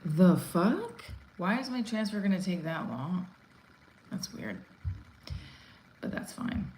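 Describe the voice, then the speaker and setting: A woman with a low voice rambles through a casual live stream, candid and unpolished, dropping fillers and the odd curse. She speaks as an actress talking straight to her viewers. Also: very animated, measured pace, slight background noise, rough recording.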